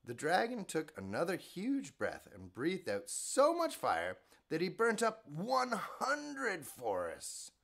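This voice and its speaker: Man narrating bedtime stories, very expressive. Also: sits high, slow pace, gravelly, few pauses. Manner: gentle, playful, expressive storytelling. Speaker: children's bedtime show host.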